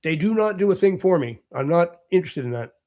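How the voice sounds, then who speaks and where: A man's voice: high voice, lively intonation, fast talker, a little mellow. A man from Canada hosting a livestream, chatting casually with viewers' comments, rambling, repeating himself and chuckling often. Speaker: livestream host. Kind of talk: casual chat answering live comments.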